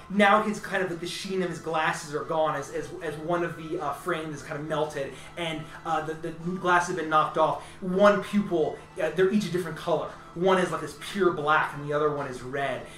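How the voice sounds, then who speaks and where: A man's voice: a little high, fairly bright tone. Male game master, rambling, filler-heavy narration; distant mic, roomy sound. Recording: echoey room, distant mic.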